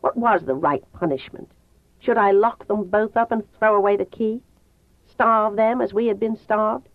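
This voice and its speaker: A woman's voice: mid-range voice, moderate pace, no echo. Woman reading a novel over a tinny line. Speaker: audiobook narrator. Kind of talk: first-person novel narration. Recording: tinny phone-like dry sound.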